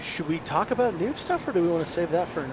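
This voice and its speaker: A man's voice: high-pitched, sing-song, quick pace. A man co-hosting a podcast, telling a story in a casual, chatty way full of fillers, recorded inside a truck on the road. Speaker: podcast co-host. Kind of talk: casual chat. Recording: noisy car interior.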